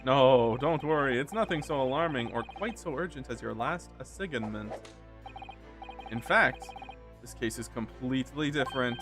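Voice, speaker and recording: A man reading a composed, formal lord's lines from a game, measured and faintly condescending, over game music. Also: medium pitch, expressive, close to an everyday voice. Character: composed, formal British lord, middle-aged man. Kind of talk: reading game dialogue aloud.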